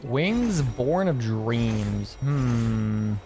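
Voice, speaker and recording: A man's voice: mid-range voice, animated, very slow, music in the background. A man hosting a casual let's-play, reading game dialogue aloud between comments and laughing often. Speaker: gaming channel host.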